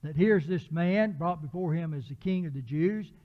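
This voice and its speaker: A man preaching an evening Bible lesson in church, explaining a passage with frequent fillers and restarts. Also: a little high. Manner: unhurried Bible teaching with many fillers and restarts. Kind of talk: sermon. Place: church auditorium. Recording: dull lo-fi church recording with long reverb.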